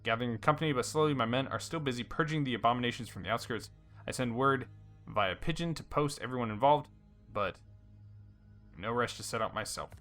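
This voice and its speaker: Faint music plays behind a let's play host whose bright, mid-range voice moves fairly quickly. He reads the game's story text and dialogue aloud casually, slipping in fillers and small mistakes.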